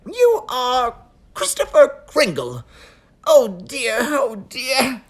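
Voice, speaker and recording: Woman doing a squeaky flustered head elf. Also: very animated, extremely slow, full character voice. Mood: fussy, flustered. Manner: flustered, keeps saying oh dear. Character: fretful, fussy male head elf. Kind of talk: read-aloud storybook voice.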